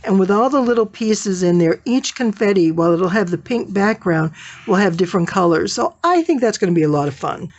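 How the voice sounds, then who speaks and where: A woman's voice: medium pitch, expressive, a little fast, darkish tone, highs cut off. A woman teaching quilting in a casual tutorial, chatting and thinking aloud as she sorts fabric.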